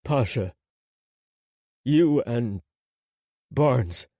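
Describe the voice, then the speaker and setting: A man's voice: mid-range voice, expressive, extremely slow, mellow, no room sound, studio quality. A man doing a shaken, disbelieving judge. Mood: shocked, pleading. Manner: urgent, disbelieving. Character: shaken middle-aged male judge.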